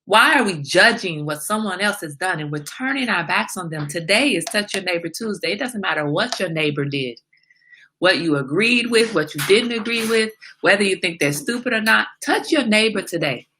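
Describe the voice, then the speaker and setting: A woman with a mid-range, bright voice speaks at a moderate pace with lively intonation and a forceful tone, over a slight hiss or hum. She hosts a casual livestream, talking emphatically and posing rhetorical questions as if giving a small sermon.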